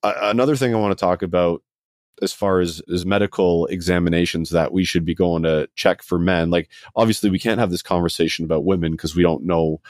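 A man's voice: low-pitched, steady tone, brisk, a little mellow, no echo, studio quality. A man hosting a casual conversation, friendly and joking, often stumbling over his words.

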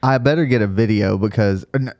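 A man's voice: fairly low pitch, brisk, a little mellow. A man co-hosting a podcast, teasing and joking in casual chat. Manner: teasing interjections, laughs a lot. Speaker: podcast co-host.

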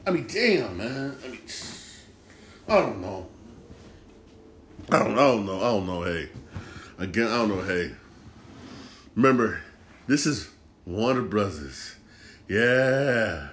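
A man's voice: mid-range voice, slight background noise. A man hosting a casual solo podcast, rambling and repeating himself, with slangy, profane talk. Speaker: podcast host.

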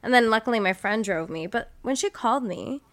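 A woman's voice: on the high side, expressive, brisk, a bit bright. A woman guesting on a podcast, telling stories frankly in casual chat and swearing at times.

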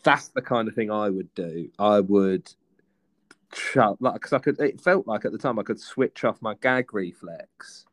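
A man's voice: lowish voice, unhurried. A man co-hosting a casual podcast, speaking hesitantly with frequent restarts and teasing asides. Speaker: podcast co-host. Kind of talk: casual chat.

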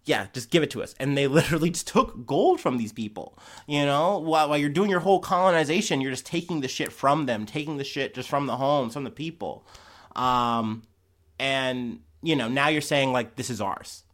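A man's voice: mid-range voice, normal speed, fairly bright tone. Man, podcast host, casual news commentary, swearing, rambling, fired-up asides. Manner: profane, rambling, heated asides.

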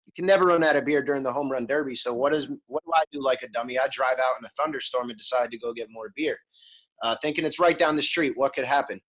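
A man's voice: mid-range voice, fast talker, fairly bright tone, rough recording. A man in his thirties, an interview guest telling his story frankly and conversationally, with frequent ums and restarts. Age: 30s. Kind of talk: candid storytelling.

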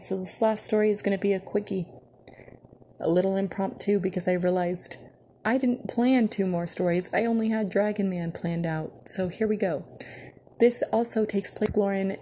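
A young woman hosting a podcast, telling stories in a casual, animated way and swearing freely. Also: medium pitch, moderate pace, a little hiss or hum. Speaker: podcast host. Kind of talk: casual storytelling.

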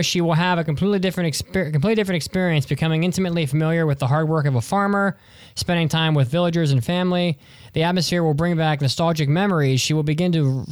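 Guy on a podcast, kinda high voice, jokey, dry close mic. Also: clean tone, no echo. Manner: jokey, restarts sentences. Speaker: podcast co-host. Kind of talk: casual podcast chat.

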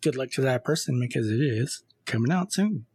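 A man's voice: mid-range voice, animated, a little fast, darkish tone, slightly rough, no room sound. A middle-aged man hosting a podcast in casual chat, laid-back and wry. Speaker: podcast host.

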